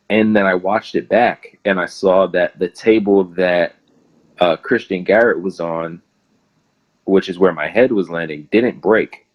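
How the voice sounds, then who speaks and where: A young man with a low voice rambles through stories in a relaxed interview, laughing often as he goes. The audio is dull and lo-fi. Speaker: pro wrestler guest. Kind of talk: casual interview.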